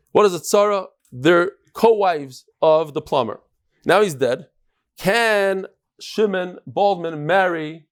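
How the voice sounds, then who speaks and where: A man teaching a daily Talmud class to a live group in a study hall. He talks in an animated, joking way and walks through a chart. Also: sits high. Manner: animated, joking, explains with a chart and laser pointer.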